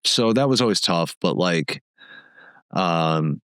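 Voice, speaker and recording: Speaking slowly and expressively, this low-voiced ex-band musician shares frank stories as a podcast guest, peppered with fillers and the occasional swear word. His tone is a bit bright and clean, recorded without echo.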